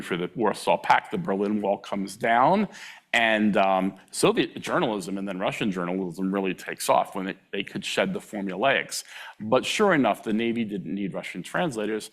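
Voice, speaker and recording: Animated male lecturer telling funny stories. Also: normal speed. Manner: animated, acts out quoted voices with sudden pitch jumps; humorous, chuckles at own anecdotes. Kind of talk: storytelling public lecture.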